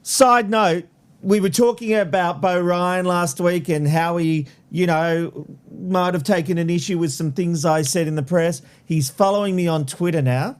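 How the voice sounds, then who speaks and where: A man's voice: high voice, unhurried, smooth. A man hosting a casual chat show, upbeat and earnest with a teasing edge. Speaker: host.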